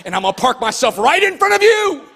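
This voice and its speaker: A man preaching a sermon in a rhythmic, emphatic way, swinging from hushed lines to shouted ones. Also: very high voice, big pitch swings, fast, vocal fry. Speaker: pastor.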